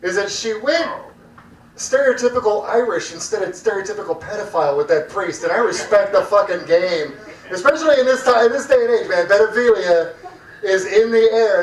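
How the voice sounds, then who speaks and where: A man's voice: sits high, a little fast. A man hosting a stand-up comedy night, crude and rambling, joking with the crowd in the back room of a restaurant. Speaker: comedy show host. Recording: echoey room, mic heard from far off.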